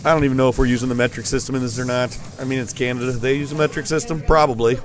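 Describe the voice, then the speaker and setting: A man's voice: medium pitch, fairly even intonation, rapid-fire, slight background noise. Joking male esports commentator. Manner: rambling, playful asides. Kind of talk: joking live game commentary.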